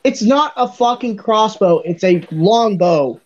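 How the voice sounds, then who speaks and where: A man's voice: high-pitched, animated, a little slow, a little mellow. A young man narrating a tabletop game as its dungeon master. He describes the scene casually and teases his players with blunt, curse-laced jabs. The recording sounds muffled and lo-fi. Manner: blunt, teasing, swears casually.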